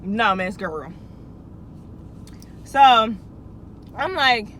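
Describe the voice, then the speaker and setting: A young woman with a high voice tells a casual storytime for her channel. She talks in a loose, slangy way, restarting lines and turning to her viewers with asides. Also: lively intonation, moderate pace, a bit bright, slight background noise, rough recording. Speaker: vlogger.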